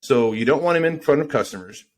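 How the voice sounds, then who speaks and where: A man's voice: medium pitch, lively intonation, fast. A man talking casually on a business podcast, rambling with fillers and swearing.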